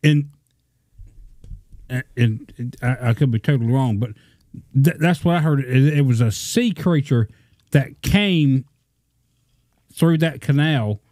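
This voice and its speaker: A man's voice: medium pitch, expressive, takes it slowly, long pauses, darkish tone, dry recording, clean studio sound. A man co-hosting a podcast, talking hesitantly with many restarts. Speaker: podcast co-host. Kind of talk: casual chat.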